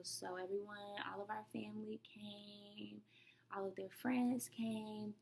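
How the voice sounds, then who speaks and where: A woman's voice: medium pitch, creaky, pushed and bright. A young woman from Illinois telling a personal story in a chatty vlog, with lots of fillers and playful quoted voices. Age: young adult. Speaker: vlogger.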